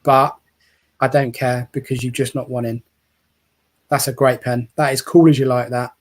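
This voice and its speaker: A man giving casual, excitable live commentary on a football match as a co-host, chatty and quick to cheer and tease. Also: mid-range voice. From England.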